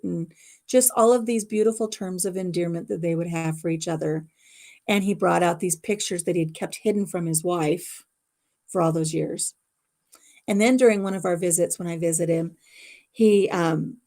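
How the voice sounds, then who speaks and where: A woman's voice: lowish voice, mellow. A middle-aged woman at home telling a personal family story to her livestream viewers in a rambling, emotional way. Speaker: livestream host. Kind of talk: casual storytelling chat.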